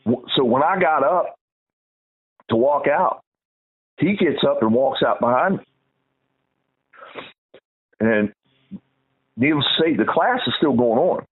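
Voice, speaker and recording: A man's voice: medium pitch, lively intonation, slow pace, pauses often, husky. A middle-aged man tells a long story in casual talk. He rambles, restarts often and gets heated as he goes. His voice comes through a tinny, phone-like channel.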